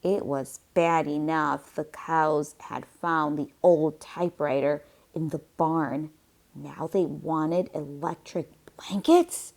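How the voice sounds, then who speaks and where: A woman teacher reading a picture book aloud slowly and deliberately, pausing for comprehension questions. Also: low-pitched, fairly even intonation, vocal fry, darkish tone. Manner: slow, deliberate read-aloud.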